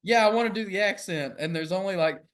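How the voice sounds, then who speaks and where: A man's voice: high-pitched, fast talker. A man, co-hosting a podcast in casual, joking, playfully incredulous chat. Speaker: podcast co-host.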